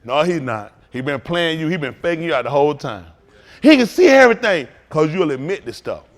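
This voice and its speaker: A man preaching as a pastor in a fiery talk, swinging from low mutters to loud outbursts. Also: big pitch swings, fairly quick.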